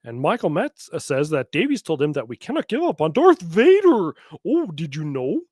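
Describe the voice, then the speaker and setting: Sarcastic man with lively pitch. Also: no echo, clean studio sound. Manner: sarcastic, mocking, quick asides. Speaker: podcast host. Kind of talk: sarcastic commentary on played clips.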